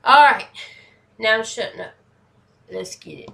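A woman in her forties hosting a reaction video, chatting casually and hyping things up with excitable energy. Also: on the high side, measured pace, vocal fry. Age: 40s.

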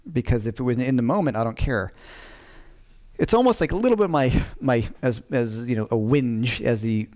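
A man's voice: mid-range voice, a little mellow. A middle-aged man talks casually to his livestream viewers from home. He rambles and interrupts himself often, picking up a thought and dropping it mid-sentence. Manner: rambling, self-interrupting, chatty. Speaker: guitar teacher hosting a livestream. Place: home during lockdown.

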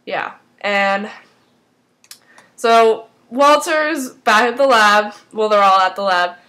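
A woman casually recapping a TV episode, rambling and excitable, filling her talk with "like". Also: mid-range voice, slow pace, rough recording. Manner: rambling and excitable, heavy use of "like".

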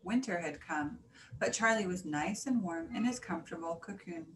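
A woman reading a children's story aloud in an animated, singsong way. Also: lowish voice, moderate pace. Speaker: story reader. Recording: echoey room, faint hiss.

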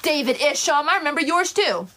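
A woman's voice: high voice, very animated, brisk, pushed and bright. A woman on a live stream, scolding her chat in an indignant, sing-song way and breaking into improvised songs.

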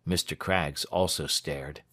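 A man narrating a classic story for English learners in a slow, clear, expressive reading. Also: a bass voice.

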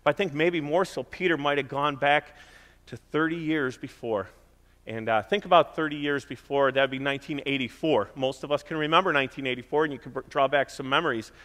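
A man's voice: a little high, a little fast, fairly bright tone. Middle-aged man preaching in a reverberant hall. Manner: conversational preaching with emphatic repetition. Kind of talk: sermon. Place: church.

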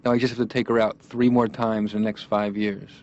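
A man's voice: fairly low pitch, level tone, fairly quick, heavy background noise, lightly acted. An actor playing a wisecracking young male comedian patient, rambling through a sarcastic stand-up style monologue. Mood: wry. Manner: rambling, sarcastic, jokey asides. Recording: dull lo-fi cartoon soundtrack.

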